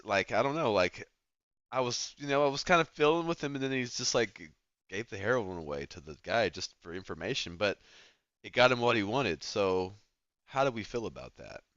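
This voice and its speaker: A man's voice: lowish voice, a bit bright, dry recording, dull audio. A man hosting a casual stream, rambling and restarting his thoughts with lots of filler. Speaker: streamer host.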